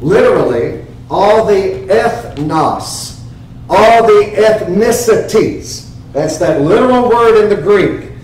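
Man, high-pitched pastor, earnest emphatic sermon, distant mic in a very echoey sanctuary. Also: animated, takes it slowly, darkish tone. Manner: earnest, emphatic preaching with rhetorical questions. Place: church sanctuary. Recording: very echoey church, heard from afar.

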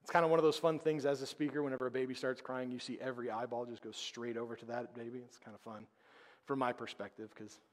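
A man preaching a sermon as pastor, conversational and emphatic, with dramatic pauses. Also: mid-range voice, level tone. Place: church sanctuary. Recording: long reverb of a church hall.

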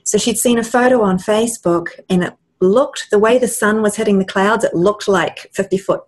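A woman guest on a video-call interview, telling a personal story in a lively way and laughing often. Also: mid-range voice, moderate pace. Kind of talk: casual storytelling.

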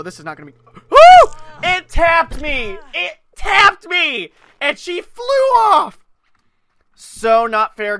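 A gaming channel host giving let's-play commentary, excitable, yelling and swearing at the game. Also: mid-range voice, slight background noise.

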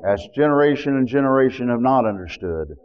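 A man preaching a sermon, leading a congregation in a repeat-after-me covenant prayer in a measured, solemn cadence. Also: mid-range voice, animated, muffled recording, a little hiss or hum. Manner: leads repeat-after-me prayer, then shouts praise and speaks in tongues.

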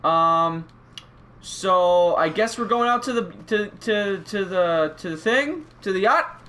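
A young man commentating a video game playthrough, excitable and rambling with lots of stammering restarts. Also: sits high, slow pace. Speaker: gaming YouTuber. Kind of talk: let's play commentary.

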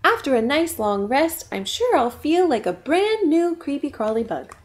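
A woman's voice: high-pitched, very animated, moderate pace. A woman voicing a determined little caterpillar. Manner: earnest sing-song chanting. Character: determined little female caterpillar turned butterfly.

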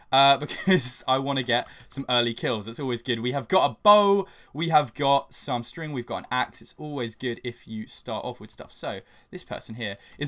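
A young man giving casual, chatty commentary over a video game he is playing, getting loud and swearing when under attack. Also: medium pitch. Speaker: gaming channel host.

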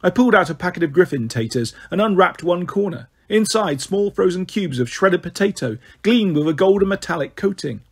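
A man's voice: high voice, lively intonation, a little fast, few pauses, husky. A man narrating an audiobook in first person, telling the story expressively.

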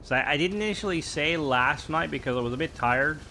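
This is casual gameplay chatter from a young man who rambles, leans on fillers, and tosses in playful remarks. His pitch sits fairly high, and his delivery is animated, brisk, pushed and bright. A slight hiss or hum sits underneath.

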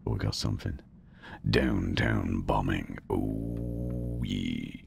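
Very deep, gravelly hushed gamer. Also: male voice, slow, music in the background. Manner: hushed, talking low to keep quiet. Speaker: gaming channel host. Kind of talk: let's play commentary.

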